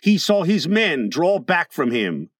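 A man narrating a storybook in an expressive, dramatic reading. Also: on the high side, unhurried, dry recording, studio quality. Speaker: audiobook narrator.

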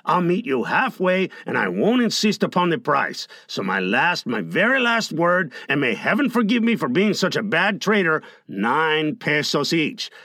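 A sly old trader haggling over burros with a wheedling, showy manner, played by a man. His voice leaps wildly up and down and sits a bit high. The sound is close and dry. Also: very animated, moderate pace, hardly any pauses, bright, forceful tone, no echo, heavily acted. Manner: wheedling, theatrical bargaining with big pitch swings.

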